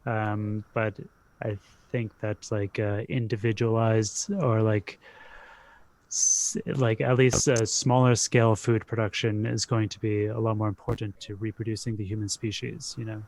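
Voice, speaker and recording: A man's voice: fairly low pitch, level tone, a little slow, a little mellow, a little hiss or hum. A man hosting a podcast in casual discussion, talking hesitantly and leaning heavily on "like". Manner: hesitant, heavy use of "like". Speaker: podcast host. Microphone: remote call.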